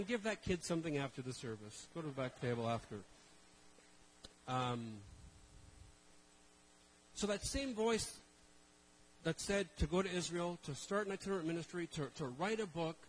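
A man's voice: a little high, expressive, a little slow, pauses often, slightly rough, rough recording. A middle-aged man preaching a sermon to a live congregation in a conversational way, with self-deprecating jokes and rhetorical questions. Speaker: traveling minister.

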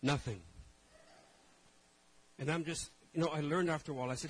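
A man preaching as a pastor, telling a story with animated shifts from hushed asides to loud outbursts. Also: a little high, normal speed, slightly rough, low-quality recording. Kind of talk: sermon storytelling.

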